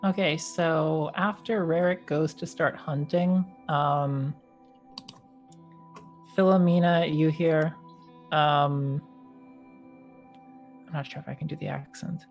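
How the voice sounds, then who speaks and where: A woman's voice: low-pitched, steady tone, slow, pauses often, muffled recording, faint music behind. A woman narrating as game master in a tabletop game, casual and hesitant.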